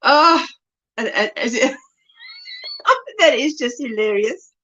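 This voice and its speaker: A woman's voice: on the high side, slow, sharp tone, lo-fi sound. A woman hosting a casual livestream, bubbly and laughing often as she reads chat comments aloud. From South Africa. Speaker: livestream host.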